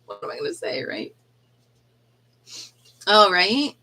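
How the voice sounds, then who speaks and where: A woman with a somewhat high voice chats casually on a phone livestream from an indoor yarn room. She laughs easily and coos at baby chicks. Their faint cheeping sounds behind her. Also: sing-song, unhurried, long pauses, sharp tone, poor audio.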